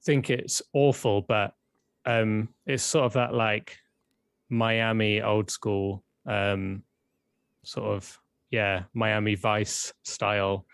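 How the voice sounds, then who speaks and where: British co-host, low-ish voice, laid back and hesitant, dry close mic. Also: male voice, slow, clear, resonant tone, no room sound. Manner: relaxed, hesitant, lots of ums and sort ofs. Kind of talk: casual livestream chat.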